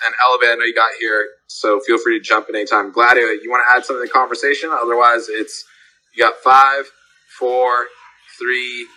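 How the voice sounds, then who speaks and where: Host of a live voice chat, male, very bright tone, slangy and profane, yelps into high voices to act out quotes. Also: flat delivery, a little fast, poor audio. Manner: slangy, swearing, acts out loud high-pitched quotes in stories. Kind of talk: casual group voice chat.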